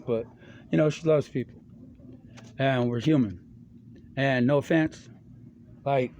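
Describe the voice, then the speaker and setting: A middle-aged man talking in a rambling, stream-of-consciousness way. His voice sits at an ordinary pitch for a man. His speech is loose, full of slang and swearing, and hops from subject to subject. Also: mellow, a little hiss or hum. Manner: loose, slangy and profane, jumps between topics. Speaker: monologuist.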